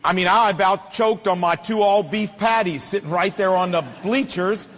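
Middle-aged preacher, high-pitched and emphatic, reverberant hall. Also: male voice, normal speed, fairly bright tone. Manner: emphatic, repetitive preaching cadence. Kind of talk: sermon.

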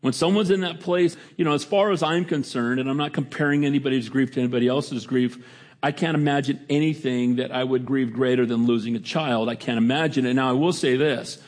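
A middle-aged man preaching a sermon as pastor, his voice jumping up in pitch for emphasis and then dropping to a quiet, low tone. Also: fairly even intonation, brisk. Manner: preaching with sudden pitch jumps and quiet drops.

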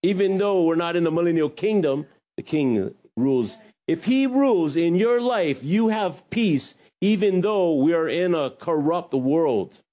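A man preaching a sermon as pastor, lively, with joking asides. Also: on the high side, measured pace.

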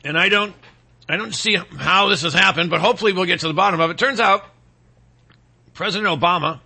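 A man's voice: high-pitched, pushed and bright. A man hosting his own show, ranting in a rambling comic style full of restarts and asides to the audience. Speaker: show host. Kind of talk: rambling comedic conspiracy rant.

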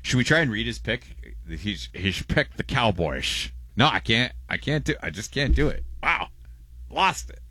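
A man's voice: lowish voice, very animated, moderate pace, few pauses, bright, forceful tone, no room sound. A man co-hosting a casual radio show, reading listener messages with a rambling, stammering delivery and frequent laughs.

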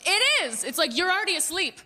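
A woman in her thirties performing a stand-up comedy set on a club stage, animated and quick to mimic people in her stories. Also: very high-pitched.

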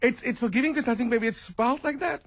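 A man's voice: very high-pitched, fast talker, no echo. A South African man co-hosting a radio show, teasing and laughing through casual banter. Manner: laughs often, playful teasing.

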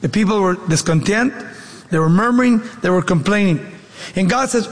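Male preacher, high voice, emphatic sermon delivery, echoey hall. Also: moderate pace. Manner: emphatic, rhetorical questions. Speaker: pastor.

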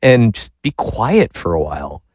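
A man's voice: lowish voice, big pitch swings, a little slow, darkish tone, husky, dry recording. A man who is a priest talks earnestly with a caller on a radio show. His speech is easy and conversational. The sound is dry and close. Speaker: priest, spiritual director. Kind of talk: radio guest talk.

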